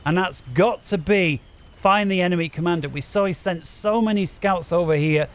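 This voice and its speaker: A man commentating a strategy game match with rising excitement, urging the players on and bouncing in his chair at a desk microphone. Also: high voice, moderate pace.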